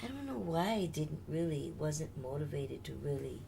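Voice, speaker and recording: Older woman with a deep gravelly voice. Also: lively intonation, normal speed, warm tone, slight background noise. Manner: candid, chatty, laughs often. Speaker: interview guest, singer. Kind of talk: casual storytelling interview.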